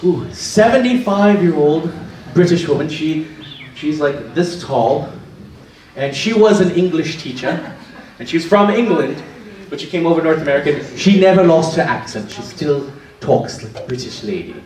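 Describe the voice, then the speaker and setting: A man's voice: a little high, animated, moderate pace, darkish tone. A man doing stand-up comedy, telling family stories and laughing at his own jokes in front of a live crowd. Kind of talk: stand-up storytelling. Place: small comedy stage with live audience. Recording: echoey stage from a distance with crowd.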